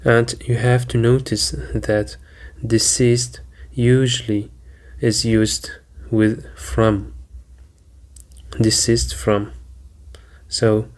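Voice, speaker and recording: A man teaching vocabulary, deliberately repeating each word and spelling out its syllables and stress. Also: mid-range voice, flat delivery. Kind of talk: slow, careful vocabulary lesson.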